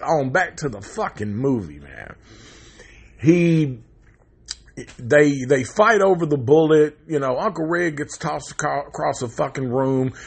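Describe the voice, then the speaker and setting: A husky-voiced man retells a horror movie plot in a loose, rambling monologue. He swears constantly and jumps from plot points to his own opinions and rants. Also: mid-range voice. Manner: rambling and profane, swearing heavily, gets loud and animated in rants. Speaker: movie reviewer. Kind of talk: casual profane movie recap.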